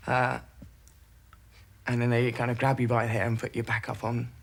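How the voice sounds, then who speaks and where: A man, a former military airman, recalling events haltingly in a documentary interview, with many pauses and fillers. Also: medium pitch, completely flat delivery, creaky, slight background noise.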